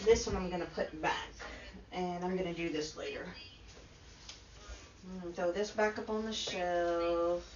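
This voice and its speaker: A middle-aged woman hosting a casual live stream, chatty and quick to laugh as she talks to her chat. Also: fairly low pitch, fairly even intonation, darkish tone, soft background music. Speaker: livestream host. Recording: dull lo-fi stream audio.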